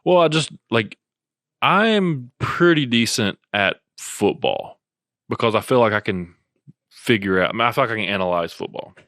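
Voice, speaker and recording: A young man co-hosts a casual podcast chat in a low-key, laid-back way, often letting his sentences trail off. His voice sits on the low side. The sound is dry and right on the mic. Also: animated, normal speed, fairly bright tone, dry recording. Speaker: podcast co-host.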